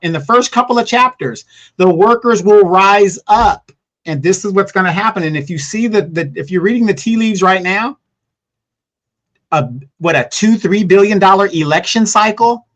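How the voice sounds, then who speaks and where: Man, guest, earnest, lecturing, casual live discussion, high-pitched. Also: a bit bright. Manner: earnest, lecturing about history.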